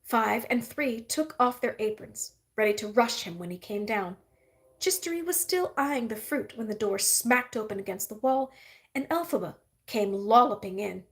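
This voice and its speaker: A woman reading a novel aloud in a steady, even narrating manner. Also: a little high, normal speed. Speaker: reader. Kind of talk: audiobook-style novel reading.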